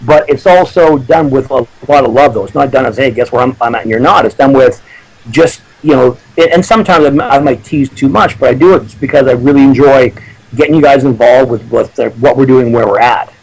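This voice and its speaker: A man's voice: medium pitch, a little fast, darkish tone, low-quality recording. A Canadian man chatting as a guest in a brash, profane, joking way. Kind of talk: casual chat.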